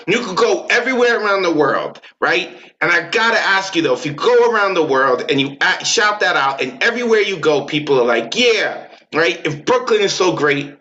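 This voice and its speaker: A man from the Bronx with a New York accent, hosting an online poetry open mic with teasing, energetic banter over a video call. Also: on the high side. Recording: muffled video call audio.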